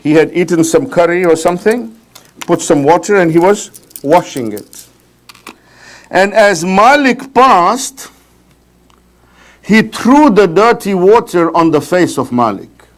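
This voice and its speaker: A man giving a religious talk at a mourning gathering, telling a story with lively pacing and frequent tag questions like "right?". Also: high-pitched, takes it slowly, pauses often. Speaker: majlis speaker. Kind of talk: storytelling sermon.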